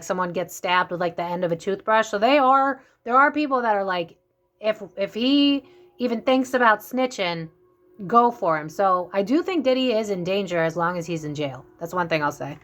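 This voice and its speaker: A woman's voice: medium pitch, animated, normal speed, a bit bright. Chatty, rambling woman doing a psychic reading. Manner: chatty, rambling, full of fillers and restarts. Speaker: psychic reader. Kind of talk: casual tarot reading vlog.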